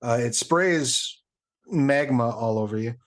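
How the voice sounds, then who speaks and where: A man running a tabletop game as game master, pausing often with fillers while he works out damage rolls. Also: mid-range voice. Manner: halting, with many fillers while tallying damage.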